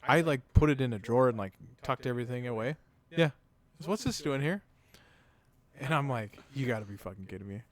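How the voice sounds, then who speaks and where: A podcast co-host in his thirties talks fast in a medium-pitched voice, telling a rambling, profane family story during casual chat. He acts out the dialogue and swears freely.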